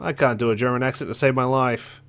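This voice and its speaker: A man's voice: mid-range voice, fairly even intonation, quick pace, fairly bright tone, slight background noise. A man casually commenting on a video game while playing, joking as he goes. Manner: joking, chatty, reads game lines aloud. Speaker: let's play host.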